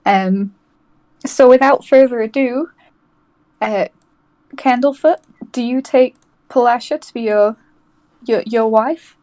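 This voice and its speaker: Hesitant woman with a high voice. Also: mellow, low-quality recording. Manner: hesitant, halting, nervous laughs. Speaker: player. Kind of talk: casual tabletop play.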